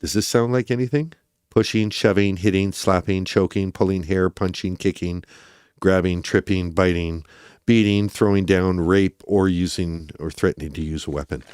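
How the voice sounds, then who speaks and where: A man's voice: deep voice, steady tone, moderate pace, darkish tone, smooth, no echo, clean studio sound. A man hosting a true crime livestream, chatting casually and rambling as he talks to his viewers.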